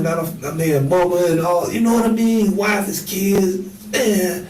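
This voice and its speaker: A man's voice: sits high, animated, normal speed, darkish tone. A man in police interrogation footage talking remorsefully and repeating himself, recorded in an interrogation room. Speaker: murder suspect in interrogation. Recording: echoey room, mic far off, faint hiss.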